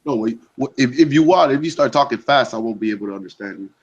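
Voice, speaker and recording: Man, casual chat, hesitant, repeats himself, medium pitch, muffled lo-fi call audio. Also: animated, fast talker, slightly rough. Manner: hesitant, repeats his words. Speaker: panelist in a group video chat. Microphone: video call.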